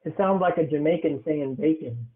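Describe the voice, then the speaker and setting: Young male podcast host, playful teaser, higher voice, phone-quality audio. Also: moderate pace. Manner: teasing, joking storyteller. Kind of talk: casual podcast chat. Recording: tinny phone-like sound.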